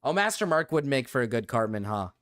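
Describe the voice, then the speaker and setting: A man's voice: medium pitch, sing-song, fast, a bit bright, no room sound, clean studio sound. A man streaming live, chatting loosely with his viewers, joking and swearing casually as he reads the chat.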